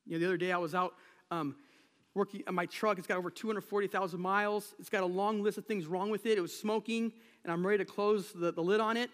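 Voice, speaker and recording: A man preaching a sermon as pastor of a church, talking in a relaxed, conversational way and telling stories from everyday life. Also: high voice, fast talker. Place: church sanctuary. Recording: long reverb of a large hall.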